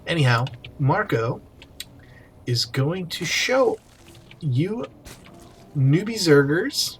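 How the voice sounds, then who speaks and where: A man's voice: fairly high pitch, big pitch swings, slow pace, slight background noise. A young man hosting a casual game-replay commentary, chatty and playful with jokey asides. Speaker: host, game caster. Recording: faint music behind.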